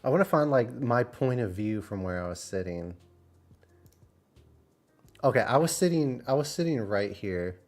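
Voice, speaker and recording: A man's voice: medium pitch, lively intonation, normal speed, pauses often, faint music behind. Man rambling through a travel story. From Texas. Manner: rambling storytelling with many fillers. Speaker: streamer. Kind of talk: casual chat.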